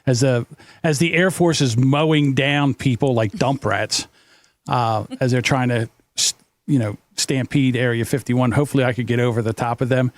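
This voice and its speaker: A man answering on a comedy podcast panel in a rambling, halting way. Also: mid-range voice, steady tone, no echo. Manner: rambling, halting, many fillers. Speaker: podcast competitor.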